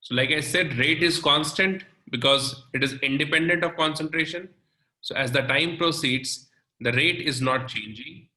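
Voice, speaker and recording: A male chemistry teacher walks through a lecture slowly, step by step, checking in with "okay" and "right". His voice is very bright and sharp. The recording carries a noticeable room echo. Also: a little high. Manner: slow, step-by-step explaining with frequent "okay" and "right". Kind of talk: recorded lecture explaining on a board.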